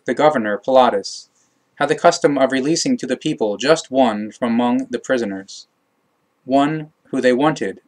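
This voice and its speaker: Male audiobook narrator for a religious text; measured, mid-pitched, correcting himself now and then. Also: rough recording. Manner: measured reading with occasional self-corrections.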